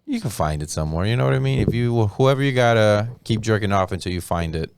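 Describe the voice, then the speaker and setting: A low-voiced man on a comedy podcast, recorded close and dry. He rambles crudely through absurd made-up scenarios. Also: lively intonation, quick pace, gravelly, darkish tone, clear, resonant tone, no echo. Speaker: podcast co-host. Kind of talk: casual podcast banter.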